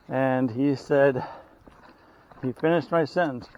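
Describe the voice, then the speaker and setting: A man's voice: mid-range voice, fairly even intonation, slow pace, gravelly, pauses often, lo-fi sound. A man outdoors on a hiking trail, giving tips in a casual, rambling vlog and often correcting himself mid-sentence. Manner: rambling, self-correcting, chatty. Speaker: hiker vlogger.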